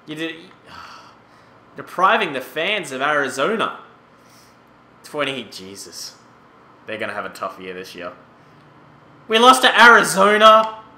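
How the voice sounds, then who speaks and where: A young man in his late twenties with a very bright, sharp voice talks over a hockey management sim. He rambles casually and bursts into exclamations. The sound bounces around an echoey room with a faint hum behind him. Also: mid-range voice, expressive, measured pace, pauses often. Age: 20s. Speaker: gaming YouTuber. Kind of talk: casual gameplay commentary.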